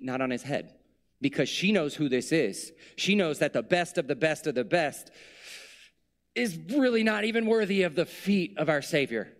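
A male preacher giving a sermon in a conversational, reflective way, with playful asides. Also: a little high.

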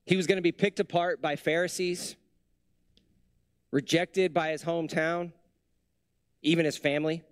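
A man preaching a sermon as a pastor, in a conversational way with many rhetorical questions, dropping soft and low for tender lines. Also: flat delivery, moderate pace, pauses often, no echo, clean studio sound.

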